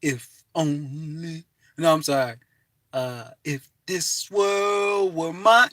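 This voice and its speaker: A man giving an animated, preachy motivational talk from his parked car, breaking into bits of song and laughter. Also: fairly high pitch, slow, dry recording. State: hot and restless. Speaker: vlogger.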